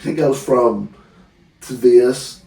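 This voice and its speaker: A man co-hosting a casual movie review chat, relaxed and often trailing off mid-sentence. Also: medium pitch, slow pace, gravelly. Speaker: co-host. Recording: echoey room, mic at a distance.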